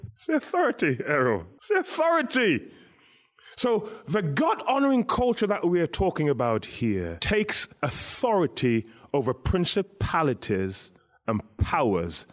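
A man preaching a sermon, exuberant, laughing and shouting Hallelujah. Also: fairly high pitch. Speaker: pastor and guest speaker.

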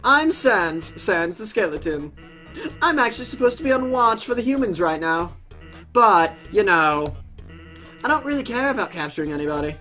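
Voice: medium pitch, lively intonation, moderate pace, sharp tone, faint music behind. A gamer voicing a laid-back, joke-cracking male skeleton while playing through a game. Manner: easygoing, punning.

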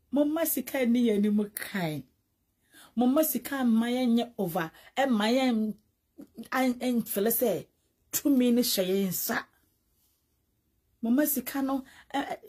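Husky Ghanaian woman gossiping animatedly. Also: on the high side. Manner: animated, mixes English with Twi, repeats words. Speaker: entertainment vlogger. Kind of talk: casual gossip commentary.

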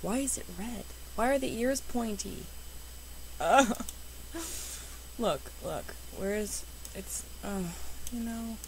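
Excitable young woman chatting over gameplay. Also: fairly high pitch, slow, pauses often, slight background noise, low-quality recording. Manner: chatty, excitable, talks to viewers. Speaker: gaming YouTuber. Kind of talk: casual game commentary.

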